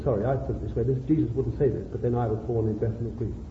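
A man's voice: mid-range voice, steady tone, rapid-fire, a little hiss or hum. A man from England preaching a sermon, pleading with rhetorical questions and building into fervent exhortation. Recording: echoey, phone-like old sermon tape.

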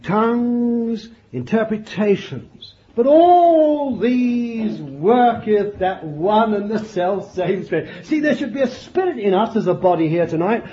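Older male preacher, high-pitched voice, fervent, murmured asides, dull lo-fi archive recording. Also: lively intonation, slow pace, hardly any pauses. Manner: fervent, swings from loud declarations to low murmured asides; exclaims hallelujah and glory between points. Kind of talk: sermon.

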